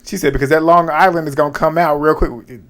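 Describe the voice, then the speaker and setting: A man giving a casual, animated recap of a reality TV episode, slangy and profane, laughing often. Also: fairly high pitch, quick pace.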